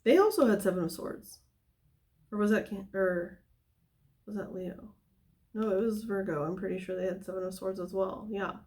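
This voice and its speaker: A woman's voice: mid-range voice, normal speed, long pauses, darkish tone. A woman giving a casual tarot reading, talking in a loose, rambling way full of fillers and tangents. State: somewhat out of breath. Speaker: tarot reader.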